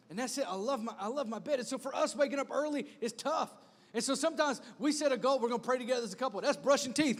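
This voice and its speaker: A man's voice: extremely high pitch, quick pace, a bit bright. A male pastor preaching a sermon with energy, using comic stories and repeated exhortations, in a church auditorium. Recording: echoey church hall.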